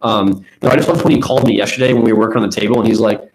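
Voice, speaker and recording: A man's voice: lowish voice, steady tone, very fast, darkish tone, slight background noise. Blunt young man in an echoey room. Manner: blunt, crude, sarcastic. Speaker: podcast co-host. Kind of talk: casual chat.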